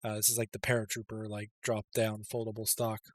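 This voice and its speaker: A man's voice: on the low side, completely flat delivery, brisk. A man giving a casual, rambling video game tutorial voice-over, full of ums and uhs. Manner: rambling, filler-heavy, with many ums and uhs. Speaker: game guide creator.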